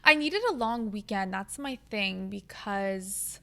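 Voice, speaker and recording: A woman's voice: mid-range voice, lively intonation, takes it slowly, gravelly, bright, forceful tone. A young woman co-hosting a podcast in a casual, upbeat chat, with a lot of "like". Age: young adult. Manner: upbeat, chatty, frequent "like". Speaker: podcast co-host.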